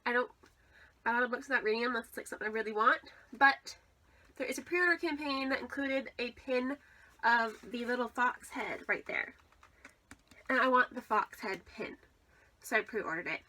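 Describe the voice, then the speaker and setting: A young woman talks through her book haul in a loose, rambling vlog chat, full of likes and ums. Her voice sits a little high and sounds bright and forward. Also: moderate pace, long pauses, a little hiss or hum. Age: young adult. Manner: chatty, rambling, with frequent "like" and "um". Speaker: book vlogger.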